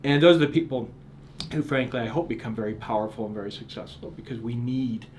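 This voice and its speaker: A man's voice: mid-range voice, fast talker, slight background noise. A middle-aged man, an author being interviewed, telling earnest stories and often restarting sentences with repeated words. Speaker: author and guest. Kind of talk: reflective storytelling interview.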